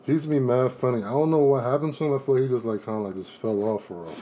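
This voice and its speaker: Quick-talking young man from D.C. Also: medium pitch, mellow. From Washington, D.C. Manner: quick, laughing often. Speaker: podcast host. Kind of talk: casual chat.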